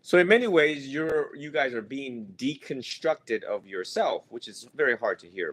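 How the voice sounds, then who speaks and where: A man's voice: medium pitch, expressive, measured pace, a bit bright. A man teaching students in a loose, joking way, rambling and laughing as he goes. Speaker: monk teacher. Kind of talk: casual teaching talk.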